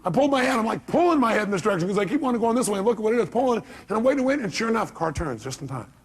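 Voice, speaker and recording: A man with a gravelly, husky voice giving a motivational seminar talk to an audience, telling stories dramatically and acting out voices, going from loud to soft. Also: sits high, expressive, very fast. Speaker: motivational speaker.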